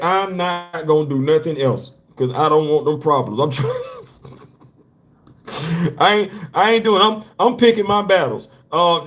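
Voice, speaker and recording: Animated man riffing on comics. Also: fairly high pitch. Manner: animated, repeats phrases, laughs often, slangy. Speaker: host. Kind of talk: casual comic commentary.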